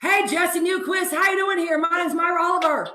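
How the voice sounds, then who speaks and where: A woman's voice: extremely high pitch, steady tone, fairly quick, pushed and bright, roomy sound, voice pushed up. A woman putting on a gushing, twangy lady realtor. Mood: gushing cheerful. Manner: gushing, calls everyone girl. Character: bubbly twangy woman realtor greeting a friend.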